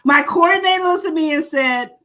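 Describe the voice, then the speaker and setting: Bright, animated high-voiced woman. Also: brisk. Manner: animated, laughing, self-deprecating. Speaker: guest speaker and educator. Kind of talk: casual chat, storytelling.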